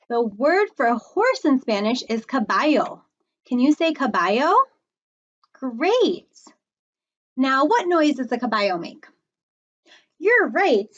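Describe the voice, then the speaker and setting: Bright, high female children's librarian, slow and encouraging, slightly dull lo-fi recording. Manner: cheerful, slow and encouraging, like talking to small kids. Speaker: children's librarian teaching Spanish words.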